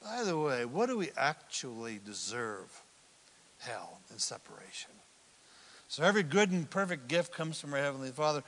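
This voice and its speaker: A pastor preaching in a conversational, playful way that rises to emphatic bursts. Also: male voice, mid-range voice, big pitch swings, moderate pace, fairly bright tone, long reverb tail. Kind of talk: sermon.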